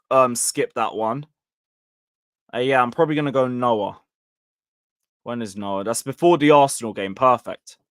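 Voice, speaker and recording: A man's voice: medium pitch, no echo, studio quality. A young man giving a blunt, sweary, rambling live review of a football match and reading viewer comments. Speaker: football fan channel host.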